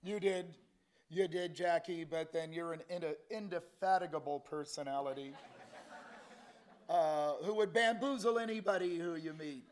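A man's voice: on the high side, fairly even intonation, normal speed. Chatty man teaching Bible school. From Canada. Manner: chatty and joking, rambling with many fillers. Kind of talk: informal Bible class talk.

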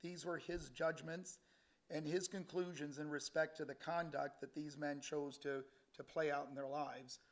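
A man's voice: on the high side, little pitch movement, normal speed. A middle-aged man preaching a conversational Bible sermon, reading scripture with animation. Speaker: lay preacher.

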